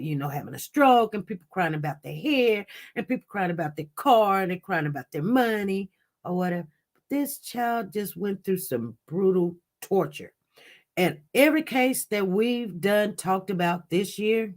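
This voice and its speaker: A woman hosting a casual livestream, talking straight to her viewers in an impassioned, repetitive way. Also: mid-range voice. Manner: impassioned, repetitive, talks directly to chat. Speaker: livestream news host.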